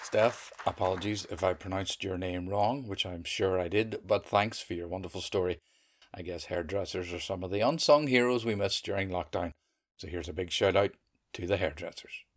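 A man's voice: low-pitched, normal speed, a faint crowd. A male podcast host reading a grateful outro and thanking supporters by name.

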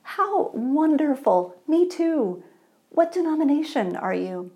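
A woman voicing an excitable churchgoing man in a joke, gushing and rising into shrill delight. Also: moderate pace, muffled recording. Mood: eager.

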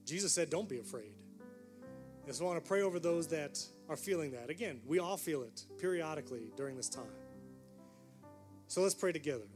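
A man preaching a sermon as a pastor, earnest and dropping to a hush on quiet passages. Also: a little high, animated, a little fast, pauses often, over music. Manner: earnest preaching, drops to a hush for quoted whispers.

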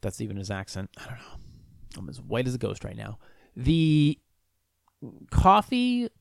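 A man in a relaxed, rambling monologue, full of ums and restarts, cursing casually as he goes. His voice sits at an ordinary middle pitch. The recording is dry and close, with no room sound. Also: a little slow, creaky, no echo. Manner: loose, rambling, lots of fillers and restarts, swears freely. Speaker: vlogger.

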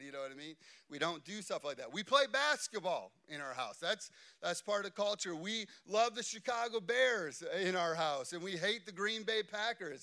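A man's voice: fairly high pitch, normal speed. A man in his thirties preaching a sermon, telling chatty family stories and often checking in with "okay?". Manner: animated, chatty, keeps asking "okay?". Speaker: pastor.

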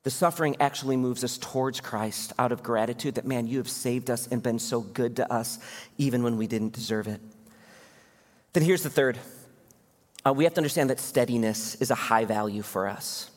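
Preaching man in a reverberant hall. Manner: impassioned preaching, voice climbing high on key points. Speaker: pastor. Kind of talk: sermon. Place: church sanctuary.

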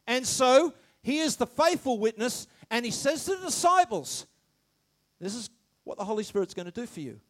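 A man preaching a sermon, animated, shouting some phrases and dropping to quiet asides, stammering when excited. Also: very high voice, normal speed. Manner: animated, swings between loud shouts and quiet asides, laughs often.

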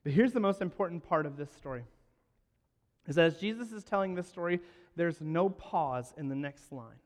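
A man preaching a sermon, telling a story and acting out its lines, moving between hushed and loud. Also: a little high, animated, normal speed. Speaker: pastor. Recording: long hall reverb.

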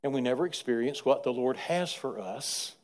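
A man, preaching a sermon in repetitive rhythmic phrases and swinging between quiet asides and loud, emphatic passages. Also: medium pitch, moderate pace. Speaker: pastor.

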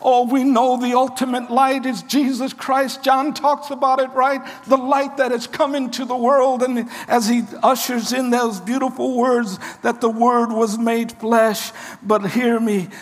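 Preacher, sermon, slow and emphatic, repeats and exhorts, recorded in a long-reverb hall. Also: mid-range voice. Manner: emphatic, repeats key phrases, exhorts the listeners.

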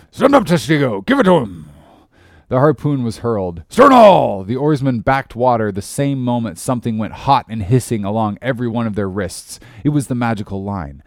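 A male audiobook narrator reads a classic novel from a script, measured and expressive. His pitch sits fairly low, and the studio sound is clean with no echo.

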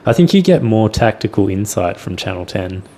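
A man's voice: lowish voice, sing-song, normal speed, mellow, slight background noise. A man co-hosting a podcast, easygoing and agreeable in casual chat. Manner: easygoing, agreeable, laughs often. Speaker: podcast co-host.

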